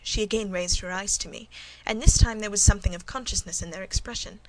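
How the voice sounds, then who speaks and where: A woman narrates a classic novel in the first person with an even, measured delivery. Her voice sits at a middle pitch for a woman. It has the steady pacing of a scripted audiobook. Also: crowd noise, rough recording.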